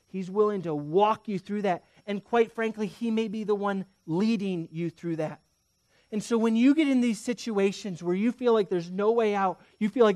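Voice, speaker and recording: A pastor in his thirties preaches a sermon in a high voice at a moderate pace, telling stories and speaking straight to his congregation. He swings between loud emphasis and a hushed near-whisper, and there's no room sound.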